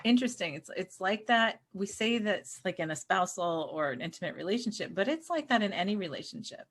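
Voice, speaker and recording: Animated woman telling stories in chat. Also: mid-range voice, a little fast. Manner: animated storyteller who acts out quotes and laughs. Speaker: co-host. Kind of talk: casual spiritual chat.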